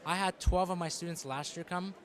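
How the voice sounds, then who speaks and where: A man who mentors youth, speaking lively and acting out his students' voices. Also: high-pitched, fairly quick. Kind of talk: interview answer.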